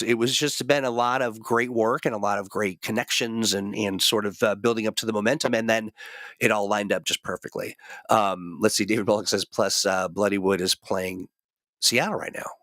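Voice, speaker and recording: A man hosting a relaxed livestream, talking in a fairly low voice that wanders through fillers and restarts. He is getting over a cold, and the sound is close and dry, with no room around it. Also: no room sound. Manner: rambling, full of fillers and restarts. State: recovering from a cold. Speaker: host. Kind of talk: casual livestream chat.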